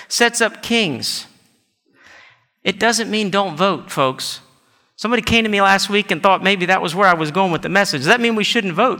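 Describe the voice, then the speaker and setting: A man's voice: high-pitched, pushed and bright. A male pastor preaching a sermon in an earnest way, asking the congregation rhetorical questions. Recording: reverberant hall.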